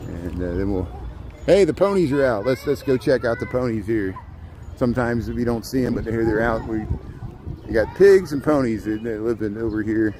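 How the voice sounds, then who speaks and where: A vlogger strolls through the farm area of a city zoo, joking and talking to the animals as he chats to the camera. His medium-pitched voice is warm and lively at a normal pace. The low-quality audio picks up street noise, birds and passing vehicles.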